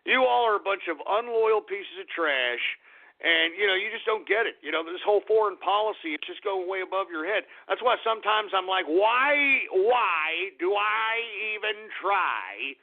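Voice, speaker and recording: A man hosting a radio show, ranting angrily and yelling insults at his listeners. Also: sits high, a little fast. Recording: tinny phone-line sound.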